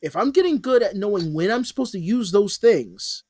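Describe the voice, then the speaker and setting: Co-host, male, higher voice, rambling and sweary, dry sound. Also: lively intonation, moderate pace, darkish tone, no room sound. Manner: rambling, profane, many restarts. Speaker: podcast co-host. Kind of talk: casual chat.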